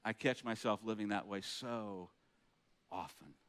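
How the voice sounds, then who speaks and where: A man's voice: fairly low pitch, a little slow, fairly bright tone, clean tone. A man preaching a sermon in an earnest, conversational way, reading scripture aloud and asking the room rhetorical questions. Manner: reads scripture aloud between comments. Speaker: pastor.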